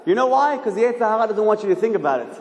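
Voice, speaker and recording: A man giving a sermon as a rabbi, animated and firing rhetorical questions at his listeners. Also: sits high, racing, a little hiss or hum. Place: synagogue hall. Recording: echoey hall, long reverb.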